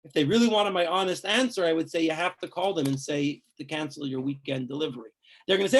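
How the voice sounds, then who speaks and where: A man's voice: high-pitched, big pitch swings, quick pace, vocal fry, slightly rough. A man, a rabbi, teaching a class on religious law in a conversational, emphatic way, full of asides and rhetorical questions.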